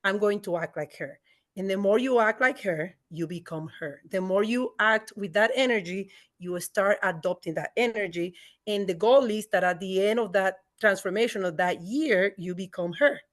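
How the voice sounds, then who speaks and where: A woman's voice: mid-range voice, moderate pace. A woman panelist on a video call who explains her ideas in an earnest, reflective way. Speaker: panelist, coach. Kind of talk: webinar panel discussion.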